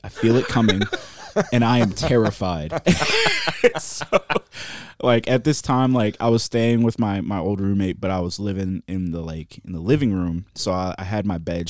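Dude on a podcast, lowish voice, dry close sound, keeps laughing mid story. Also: male voice, a little mellow, no echo. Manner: laughing often, rambling and swearing. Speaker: podcast co-host. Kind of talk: casual chat.

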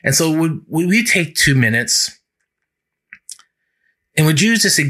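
A male pastor preaches in a bright, sharp-edged voice that sits a little higher than most men's. He is earnest and often slows down to stress the key words. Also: very animated. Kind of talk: sermon.

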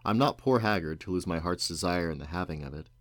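A man's voice: low-pitched, dry recording, clean studio sound, lightly acted. A man reading aloud and voicing a grown male magician, wry and rueful, in a storybook. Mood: wistful. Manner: brisk and sharp, then wistful.

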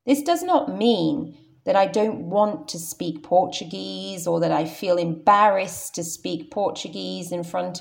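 A young adult woman with a modern received pronunciation British accent teaches English in a careful, explanatory scripted podcast lesson. Her mid-range voice is creaky and a little mellow.

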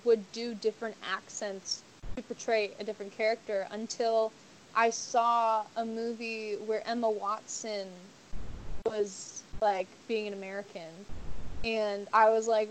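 A woman's voice: mid-range voice, little pitch movement, measured pace, slight background noise, rough recording. A young woman guest on a podcast, chatting casually in a bubbly, gushing way with lots of "like" fillers. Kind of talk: casual chat.

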